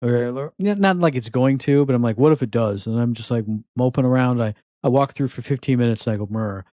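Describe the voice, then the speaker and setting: A man's voice: mid-range voice, fast, dark tone, no echo. A man with a mid-range voice co-hosts a casual podcast, chatty and wry as he runs through new game releases. His voice sits dry and close to the mic with no room sound. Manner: chatty, wry, self-deprecating. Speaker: podcast co-host.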